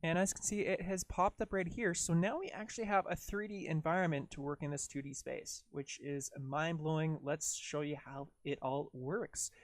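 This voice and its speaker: A man's voice: fairly high pitch, fairly even intonation, normal speed, few pauses. A man casually talking through his video editing on a livestream, rambling and jokey as he narrates each step. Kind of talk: casual live tutorial talk.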